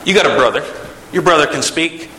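A man retelling a Bible story in a casual, animated way, acting out the characters with sighs and jumps in pitch. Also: a little fast, slight background noise. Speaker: preacher. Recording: echoey room.

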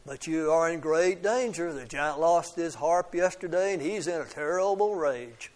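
A man voicing the giant's brisk, kindly wife, who speaks in hurried, urgent warnings in a storybook reading. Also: a little high, close to an everyday voice.

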